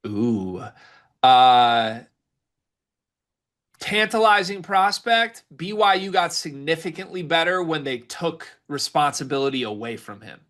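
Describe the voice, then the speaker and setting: A man co-hosting a sports podcast, giving emphatic, rapid-fire scouting takes in casual banter. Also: fairly high pitch, big pitch swings, a bit bright. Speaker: podcast co-host.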